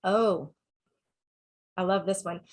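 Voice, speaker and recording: A woman's voice: lowish voice, fairly even intonation, slow pace. Southern-accented woman giving frank advice. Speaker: sex therapist speaker. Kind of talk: online talk answering questions.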